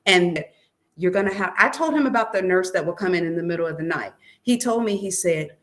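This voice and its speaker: A woman's voice: on the low side, expressive, a little fast. Earnest woman recounting a hard memory. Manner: recounts events by quoting others, "he said" asides; earnest, searching, many restarts and "um"s. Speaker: author and guest. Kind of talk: personal storytelling in an interview.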